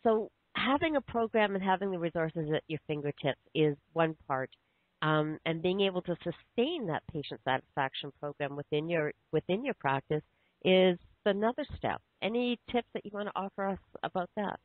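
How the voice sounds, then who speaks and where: A woman's voice: lowish voice, animated, dry recording. Woman podcast host on a tinny phone line. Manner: halting, many fillers and restarts. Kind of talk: phone interview.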